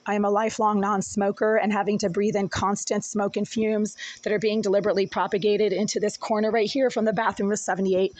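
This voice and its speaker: A woman in her apartment with a rough, smoker-like voice, ranting indignantly and repeating her accusations into a phone. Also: mid-range voice, level tone, fast talker, few pauses, a little mellow, no room sound, poor audio. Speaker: tenant recording a complaint. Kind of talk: angry recorded rant and voicemail. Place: small apartment indoors.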